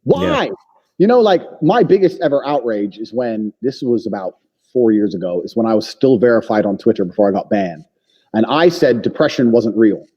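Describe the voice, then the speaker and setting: A man as a podcast guest, talking bluntly and forcefully with lots of swearing and emphatic claims. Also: fairly low pitch, expressive, brisk, husky. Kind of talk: blunt opinionated conversation. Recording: long reverb, dull lo-fi sound.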